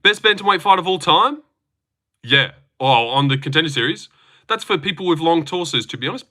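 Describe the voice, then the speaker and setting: A slightly high-pitched young man with an Australian accent talks a little fast. He's hosting a livestream, reading out comments and swearing his way through loose, excitable chatter.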